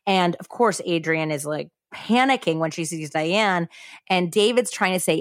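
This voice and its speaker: Chatty, profane woman, low voice, dry sound. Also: normal speed, dry recording. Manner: chatty, frequent "like", blunt and profane. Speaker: podcast host. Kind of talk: casual true-crime storytelling.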